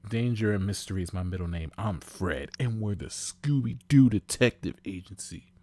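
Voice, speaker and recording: A man's voice: fairly low pitch, expressive, normal speed, a little mellow. A man voicing a boastful young gang leader.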